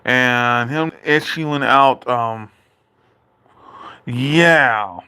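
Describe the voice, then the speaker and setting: A man's voice: medium pitch, drawn-out words, bright, forceful tone, clear, resonant tone. A man ranting in a political commentary vlog, indignant and repetitive, speaking directly to his father. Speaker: video creator.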